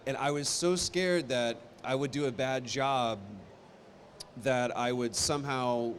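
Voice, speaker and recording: A man talking on a convention stage, telling stories with energy and quick asides. His voice sits at a middle pitch. A faint hum of ambience runs under the hall recording. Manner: animated storytelling, quick asides. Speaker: convention panel guest. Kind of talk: casual panel talk.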